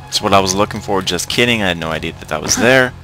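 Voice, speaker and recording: A young man's fast, pushed, bright voice sits low as he casually narrates a video game, joking and talking to on-screen enemies. It's relaxed let's-play commentary, with game music in the background.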